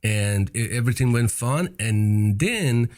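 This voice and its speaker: This podcast guest, a non-native English speaker in his fifties, relates stories with emphasis and keeps returning to key phrases in a relaxed interview. He speaks unhurriedly in a mid-range, darkish voice with lively intonation.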